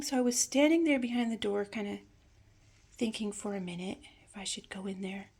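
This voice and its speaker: A woman telling a personal family memory in a reflective, hesitant way, sometimes dropping to a soft near-whisper. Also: medium pitch, brisk, vocal fry, husky. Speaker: storyteller.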